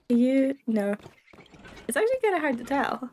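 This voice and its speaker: A woman's voice: a little high, very animated, measured pace, darkish tone, slight background noise. A young woman with a cold, chatting and giggling through casual let's-play commentary and talking to the game's creatures. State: voice affected by a cold. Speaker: gaming video creator.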